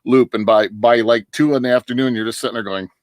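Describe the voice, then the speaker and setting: A middle-aged man from northern Michigan, a guest on a livestream, talks fast in a mid-range voice with fairly even intonation and no room sound. He chats casually, rambling through long stories with lots of restarts and frequent laughter.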